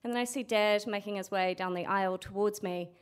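A woman's voice: medium pitch, steady tone, brisk, clear, resonant tone. A young adult woman telling a true story at a storytelling event, frank and sweary, acting out what people said. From New Zealand. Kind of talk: live storytelling.

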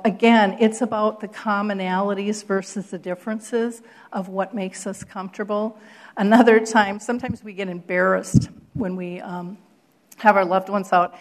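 A middle-aged woman giving a keynote talk, telling a story with lively acted quotes and frequent laughter. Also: mid-range voice. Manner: animated storyteller, acts out quotes, laughs often. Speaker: keynote speaker.

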